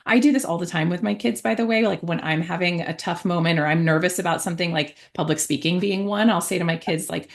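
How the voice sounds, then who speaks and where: A woman in her forties, an author appearing as a guest, tells a parenting story in a chatty, conversational way full of fillers and restarts. Her fairly low voice is gravelly and quick, with few pauses.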